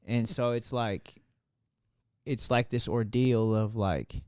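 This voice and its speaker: A man's voice: medium pitch, steady tone, slow pace, darkish tone, slight background noise. A man co-hosting a podcast, rambling through his thoughts with lots of fillers in casual chat. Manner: rambling, thinks aloud with many fillers. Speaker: podcast co-host.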